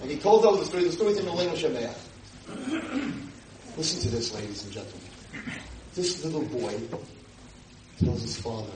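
A man's voice: expressive, normal speed, long pauses, a little mellow, echoey room, distant mic, slight background noise, low-quality recording. A man giving a sermon as a rebbe, telling stories and building up to emphatic exclamations. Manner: storytelling, rising to emphatic high exclamations. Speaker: rebbe giving a Torah talk. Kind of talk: animated sermon to an audience.

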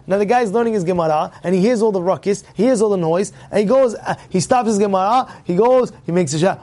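A man teaches a religious class to his congregation, speaking emphatically, repeating himself and posing rhetorical questions. His voice sits high with a darkish tone, and he talks fast with few pauses.

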